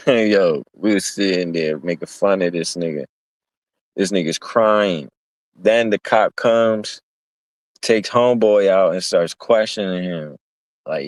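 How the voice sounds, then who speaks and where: Deep-voiced man telling a rowdy street story. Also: measured pace, no echo. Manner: profane, rambling street-talk storytelling; acts out quoted voices. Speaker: streamer. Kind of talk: casual storytelling. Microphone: streaming mic.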